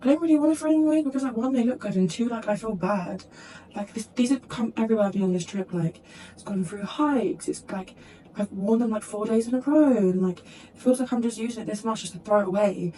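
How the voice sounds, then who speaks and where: Rambling British woman with a slightly high voice. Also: quick pace, dark tone, slight background noise. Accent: British English. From Britain. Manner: rambling, swears freely, laughs a lot. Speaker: travel vlogger. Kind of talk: casual chatty travel vlog. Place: outdoors while travelling.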